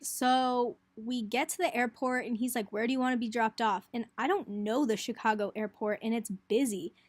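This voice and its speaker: On the high side and steady in tone, at a normal speed in a dry recording, a young college woman chats through a hectic trip in a casual vlog. She speaks breathlessly, says "like" a lot, and acts out what people said.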